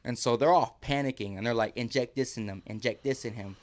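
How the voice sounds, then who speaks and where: A man's voice: medium pitch, a little fast. A man, a podcast guest, telling a story casually, acting out quotes and laughing often.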